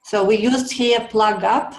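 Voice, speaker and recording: A woman student in an online English lesson, talking slowly and hesitantly as she searches for words. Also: mid-range voice, fairly even intonation, a little mellow, reverberant, rough recording.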